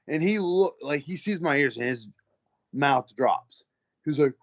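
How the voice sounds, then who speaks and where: A slightly high male voice comes through lo-fi audio at a moderate pace. The speaker, a heavyweight fighter, tells offhand interview stories with plenty of swearing, animatedly acting out anyone he quotes.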